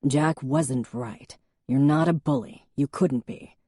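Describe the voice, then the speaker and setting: A woman narrator voicing a patient, dry-humored male police chief who speaks steadily and calmly. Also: mid-range voice, moderate pace, breathy edge, no echo, close to an everyday voice. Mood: steady. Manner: steady, calm, gently teasing.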